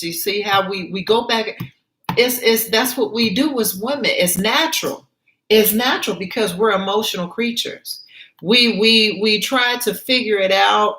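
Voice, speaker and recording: Woman reading her story and breaking off to explain, slow and emphatic, bright forceful voice, echoey room. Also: mid-range voice. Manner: emphatic, repeats points, asks listener to see. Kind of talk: story reading with life commentary.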